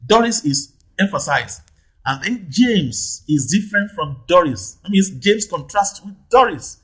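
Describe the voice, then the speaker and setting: Man, exam tutor, patient and repetitive, slightly high voice, husky tone. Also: lively intonation, a little slow, fairly bright tone, poor audio. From Nigeria. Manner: patient, repeats question numbers, asks "right?". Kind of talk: teaching lesson, explaining answers.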